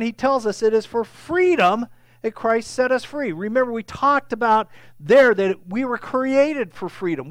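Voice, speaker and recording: High-voiced man preaching a sermon. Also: no room sound. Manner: conversational teaching, frequent "okay?" check-ins; grows emphatic and raised when stressing a point. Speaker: pastor.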